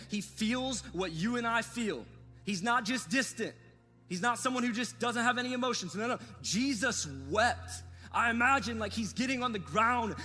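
A man preaching an earnest, repetitive sermon, speaking straight to his listeners in a high, bright, ringing voice. He is recorded with a long hall reverb, and soft music sits faintly underneath. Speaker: pastor.

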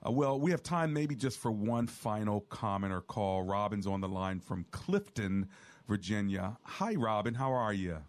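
A man with a lowish voice hosts a Christian radio call-in show. He talks in an affirming way and often chimes in while others speak. His delivery is that of a seasoned host. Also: animated, normal speed, dry recording. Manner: affirming, interjecting.

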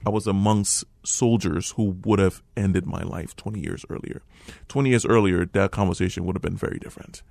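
Low gravelly man with an American accent. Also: fairly even intonation, fairly quick, hardly any pauses, dry recording. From Liberia. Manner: earnest, hushed at tense moments. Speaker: guest. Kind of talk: storytelling conversation.

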